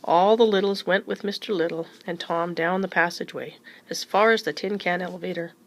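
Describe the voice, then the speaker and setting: A woman's voice: lowish voice, fairly quick, rough recording. Woman reading a children's book aloud. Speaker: reader.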